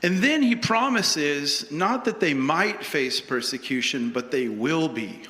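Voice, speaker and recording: A man's voice: fairly high pitch, expressive, takes it slowly, pushed and bright. A male pastor preaching a sermon in a conversational, humorous storytelling way, in a large church sanctuary with long reverb.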